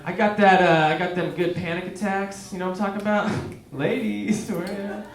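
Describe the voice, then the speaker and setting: A man with a high-pitched, fairly even voice speaks a little fast during a stand-up set in a small theater. He keeps it conversational and asks the crowd questions, and the roomy live recording picks up the audience laughing.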